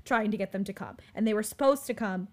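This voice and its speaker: A young woman in her twenties telling a story in casual chat, animated and full of fillers. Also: medium pitch, fast talker. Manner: animated, filler-heavy, frequent "like".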